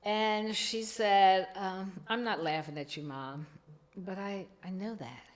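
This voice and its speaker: A woman's voice: fairly low pitch, unhurried. A middle-aged woman, telling her own recovery story as a podcast guest, acting out the dialogue she quotes.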